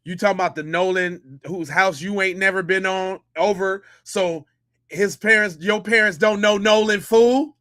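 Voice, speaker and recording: A man's voice: high-pitched, fairly even intonation, normal speed, bright, forceful tone. A middle-aged man hosting a podcast, giving mocking, incredulous, slangy commentary on a clip.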